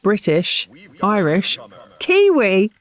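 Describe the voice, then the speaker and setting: A woman's voice: mid-range voice, sing-song, takes it slowly. A woman co-hosting a science podcast, chatting in a wry, teasing way. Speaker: podcast co-host. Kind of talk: casual science chat.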